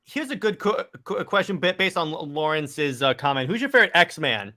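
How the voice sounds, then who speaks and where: Co-hosting a casual movie review podcast, this young man speaks with a slightly high, bright, forceful voice and lively intonation at a moderate pace. His enthusiasm shows as he rambles, frequently restarting sentences.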